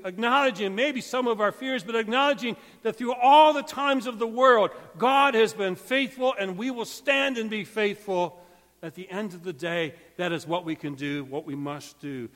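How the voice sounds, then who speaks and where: Male pastor giving a sermon, highish voice, loud then soft, long churchy echo. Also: normal speed. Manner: emphatic, swings between loud and hushed. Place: church sanctuary. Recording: long church hall reverb.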